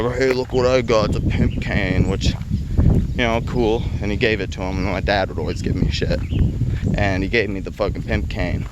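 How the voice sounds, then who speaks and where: Young guy, lower voice, foul-mouthed, laughing storyteller; noisy background. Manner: heavy swearing, laughs between lines. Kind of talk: casual spoken storytelling.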